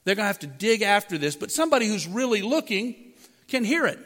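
High-voiced preaching man in a reverberant hall. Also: big pitch swings, quick pace, fairly bright tone. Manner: conversational preaching with rhetorical questions. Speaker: pastor. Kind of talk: sermon. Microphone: microphone.

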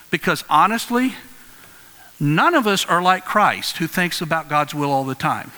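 Earnest male preacher, bright voice, conversational sermon, reverberant church. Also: a little high, normal speed. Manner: earnest, conversational, animated storytelling. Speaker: pastor. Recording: long hall reverb.

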